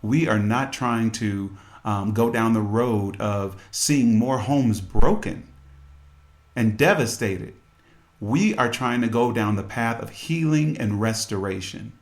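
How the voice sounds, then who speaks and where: A man's voice: lowish voice, slow pace. A man hosting a podcast, telling a story and making earnest, preachy appeals to his listeners. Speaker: podcast host and musician. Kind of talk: storytelling radio talk with scripture.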